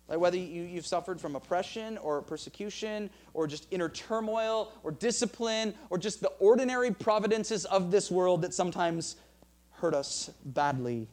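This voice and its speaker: High-voiced earnest man preaching. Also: normal speed, darkish tone. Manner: earnest, with frequent restarts and quoted scripture. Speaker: pastor. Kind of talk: sermon.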